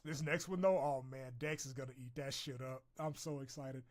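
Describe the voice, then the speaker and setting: A man streams live and chats casually with his viewers, swearing and laughing easily. He swings between loud outbursts and low mumbles.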